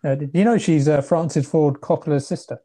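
A man's voice: a little high, brisk, mellow. A man co-hosting a podcast, chatting casually and making wry, dry remarks. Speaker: podcast co-host. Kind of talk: casual chat.

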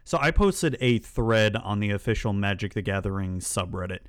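Rambling, profane man with a smooth voice. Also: on the low side, expressive, normal speed. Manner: rambling and profane, with exasperated rants. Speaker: channel host. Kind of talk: casual storytelling to camera.

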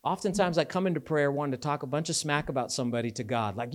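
Male pastor, sermon delivery, casual and animated, voice a touch high. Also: fast talker, few pauses. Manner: conversational, animated preaching with asides.

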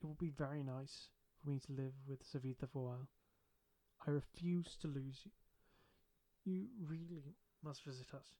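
A man's voice: medium pitch, fairly even intonation, normal speed, dark tone, lightly acted. A man reading as a shy, wry young woman. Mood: firm. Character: shy but witty young woman student.

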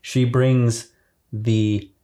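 A man co-hosting a religious podcast as a priest, explaining theology in a slow, thoughtful way and laughing easily. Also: mid-range voice, flat delivery, dark tone.

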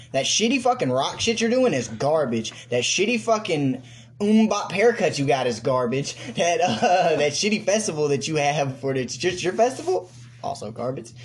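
A man's voice: a little high, a little hiss or hum. A man co-hosting a podcast, ranting and mocking in crude, casual banter. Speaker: podcast co-host.

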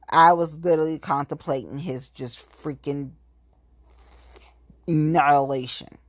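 A woman venting in a casual, profane monologue, with sudden jumps up in pitch when she gets heated. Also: dry recording, clean studio sound.

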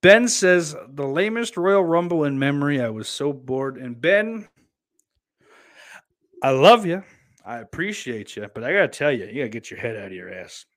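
With a sing-song, slightly bright mid-range voice at a moderate pace, a man runs a casual livestream from home. He rambles, swears openly and reads viewer comments out loud, all in a dry recording.

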